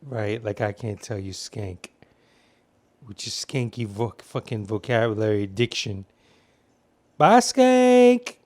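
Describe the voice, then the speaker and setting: A man's voice: on the low side, fairly even intonation, measured pace, no echo. A man giving casual film commentary, telling rambling, profane stories.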